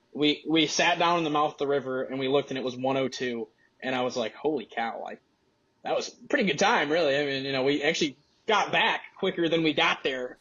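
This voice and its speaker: Excited young man telling a fishing story. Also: a little high, muffled recording. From Michigan. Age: young adult. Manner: excited, rambling, many fillers. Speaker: college angler guest. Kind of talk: casual storytelling.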